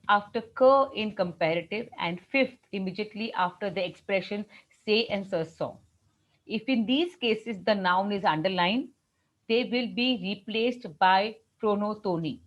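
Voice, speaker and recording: Indian-accented woman, patient tutor walking through grammar rules step by step; muffled lo-fi recording. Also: mid-range voice. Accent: Indian English. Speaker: French teacher. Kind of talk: classroom grammar lesson.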